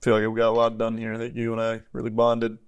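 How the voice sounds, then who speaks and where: A man's voice: mid-range voice, monotone, fast, clean tone, lo-fi sound. Brash joking man at a game table. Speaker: player. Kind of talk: casual tabletop play.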